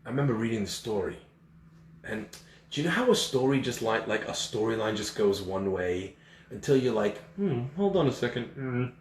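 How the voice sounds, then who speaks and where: A man's voice: lowish voice, moderate pace, slight background noise. A man telling a story in a sermon, acting out the people in it. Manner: animated storyteller acting out voices. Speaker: speaker giving a talk. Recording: echoey room, far from the mic.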